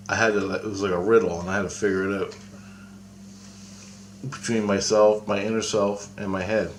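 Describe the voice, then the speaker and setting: A man casually recounting a personal experience, rambling and halting, with many restarts and some swearing. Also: fairly low pitch, slight background noise. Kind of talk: casual spoken anecdote.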